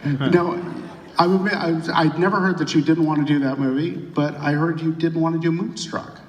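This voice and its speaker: A man's voice: a little high, steady tone, normal speed. A man interviewing a guest on stage at a large venue, asking long questions with many fillers and restarts. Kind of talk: onstage interview. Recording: roomy hall, distant mic.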